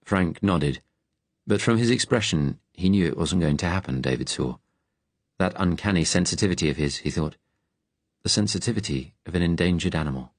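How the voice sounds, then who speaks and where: A deep, low-pitched man reads a wartime thriller aloud in a steady, serious, measured way. The sound is close and dry, with no room around it. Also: dry recording. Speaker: audiobook narrator. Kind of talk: scripted narration.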